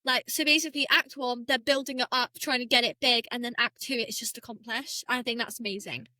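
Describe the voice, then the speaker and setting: Bright high girl on a podcast, chatty, says like a lot. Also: fairly even intonation, brisk, no echo. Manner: chatty, many "like" fillers, laughs often. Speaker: podcast co-host. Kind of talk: casual chat.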